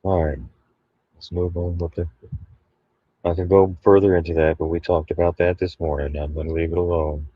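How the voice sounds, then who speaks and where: A man's voice: low-pitched, level tone, moderate pace, husky, no room sound, highs cut off. A man hosting a casual talk show, commenting loosely and swearing offhand. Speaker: show host.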